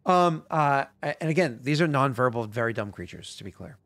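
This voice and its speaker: A man's voice: medium pitch, expressive, fairly bright tone, no echo. A man running a tabletop game as game master, talking with many fillers, his voice worn out from work. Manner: rambling, halting, lots of fillers.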